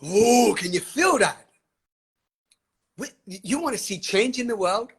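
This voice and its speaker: A man's voice: high-pitched, lively intonation, slow, a bit bright, husky. A man hosting a live online session, talking with fiery, emphatic passion, laughing often and swearing freely. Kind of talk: passionate live-stream talk. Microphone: webcam or phone on a live stream.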